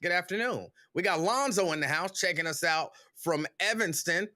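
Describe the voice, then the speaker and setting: Lively, bright-voiced man hosting. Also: sits high, normal speed, dry recording, clean studio sound. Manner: relaxed, chatty, repeats greetings. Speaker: livestream talk show host. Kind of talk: casual livestream greetings.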